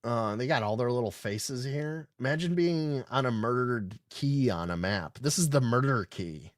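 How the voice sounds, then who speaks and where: A man hosting a casual livestream podcast, reading articles aloud and breaking off to riff on them. His talk is irreverent and laced with swearing. His voice sits at an ordinary middle pitch and sounds dry and close, with no room around it. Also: expressive, normal speed, no echo. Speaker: podcast host.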